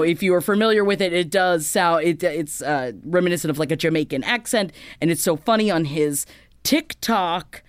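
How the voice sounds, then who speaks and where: A woman's voice: lowish voice, clean tone, dry recording, clean studio sound. A woman co-hosting a podcast in casual chat, telling stories with fillers and frequent laughter. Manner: laughs often, storytelling with fillers. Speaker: podcast co-host.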